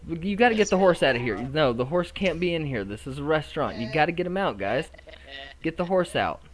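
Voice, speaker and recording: A man voicing an excitable, easily flustered teenage boy who seats guests at a restaurant. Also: mid-range voice, moderate pace, pitched above the performer's own voice, lightly acted. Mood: panicked. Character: eager teen boy restaurant host.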